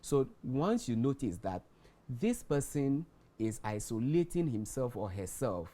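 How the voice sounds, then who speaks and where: A man with a Ghanaian English accent, a guest explaining warning signs in a measured way, repeating key words for emphasis. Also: mid-range voice, very animated, warm tone. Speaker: guest expert on mental health. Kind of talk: explanatory studio talk.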